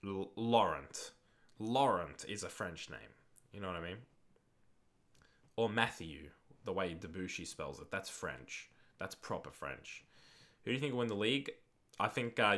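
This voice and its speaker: A man's voice: deep voice, pushed and bright. A young man chatting casually on a late-night stream, rambling through viewer questions and swearing now and then, sounding tired. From Australia. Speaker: livestreamer hosting a football watch-along.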